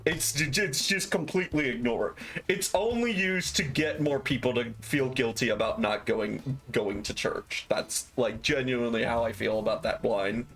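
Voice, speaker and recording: A man's voice: medium pitch, moderate pace, fairly bright tone, soft background music. A young man livestreaming, telling casual stories animatedly, swearing freely and acting out quoted lines. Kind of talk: casual storytelling on stream.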